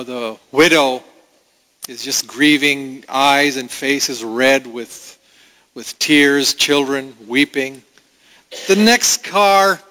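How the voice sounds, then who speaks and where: A pastor preaching a sermon in an earnest, pausing way, with restarts. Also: male voice, medium pitch, bright, forceful tone, long reverb tail, poor audio.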